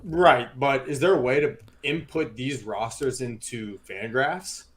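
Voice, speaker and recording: A man's voice: medium pitch, a little slow, a loud crowd. A man on a casual sports panel, talking in a hesitant, self-conscious way. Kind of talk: casual roundtable chat.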